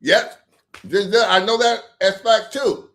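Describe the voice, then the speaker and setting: A man hosting a late-night livestream, talking in a rambling, profane, animated way. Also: high-pitched, measured pace, noisy background. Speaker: livestream host.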